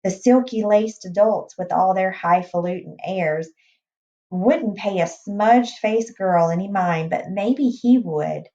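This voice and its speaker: A woman reads a novel aloud at a medium pitch, plain and unhurried, with small restarts. The sound is dull and muffled, like a lo-fi recording. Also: warm tone. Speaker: reader.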